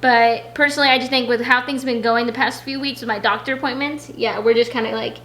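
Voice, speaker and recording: Bright, high-voiced chatty woman. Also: steady tone, fast, slight background noise. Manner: chatty and rambling, many "like"s. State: pregnant. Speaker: vlogger answering viewer questions. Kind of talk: casual Q&A chat. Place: home.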